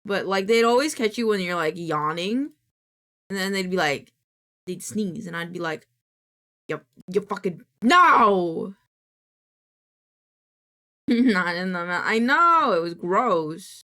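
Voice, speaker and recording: A woman's voice: mid-range voice, animated, normal speed, sharp tone. A woman VTuber streamer in casual live-stream chat, chatty and swearing freely as she coos at her cat.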